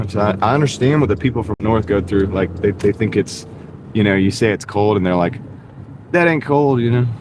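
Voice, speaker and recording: A man talks loosely to his stream's viewers while driving between delivery orders. His voice sits low, and he rambles, often restarting phrases. A clip-on mic picks him up inside the car, with a faint hum of the vehicle underneath. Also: a little fast. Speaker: delivery driver live streamer. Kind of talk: casual live-stream chat while driving. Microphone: wireless clip-on mic. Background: faint car noise.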